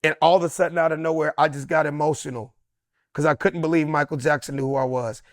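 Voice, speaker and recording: A man in his fifties, a guest comedian, telling an animated anecdote and acting out voices. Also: on the high side, quick pace, no room sound, studio quality. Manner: lively, acts out other voices.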